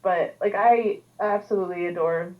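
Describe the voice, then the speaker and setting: A woman's voice: mid-range voice, normal speed. A woman co-hosting a podcast, chatting casually with rambling restarts and tangents. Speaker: podcast co-host. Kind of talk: casual chat. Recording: tinny phone-like line.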